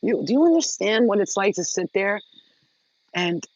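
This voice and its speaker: A woman's voice: medium pitch, lively intonation, moderate pace, no echo. A woman talking straight to her viewers in a casual vlog, blunt, emphatic and freely profane. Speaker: vlogger. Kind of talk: casual direct-to-camera talk. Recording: dull lo-fi sound.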